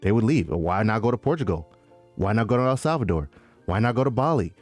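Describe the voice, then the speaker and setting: Low-voiced animated podcast co-host guy. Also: fast talker, soft background music. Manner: animated, slangy, says "man" and "dude" a lot. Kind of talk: casual chat.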